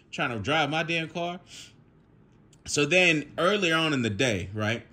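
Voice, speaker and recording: A young man talks straight to the camera in a casual vlog from his home. His voice sits a bit high and sounds bright and forceful. He tells his story in an animated way, laughing often and swearing freely. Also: moderate pace. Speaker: vlogger.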